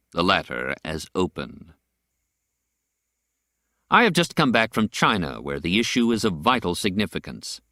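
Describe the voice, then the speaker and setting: A man narrating a nonfiction audiobook in a measured, deliberate reading style. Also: sits low, bright, forceful tone, dry recording, clean studio sound.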